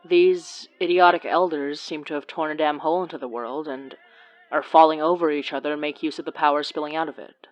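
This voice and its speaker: A woman's voice: low-pitched, close to an everyday voice, poor audio. A woman playing a wry, teasing witch. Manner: teasing, dry humor. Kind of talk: audio drama acting.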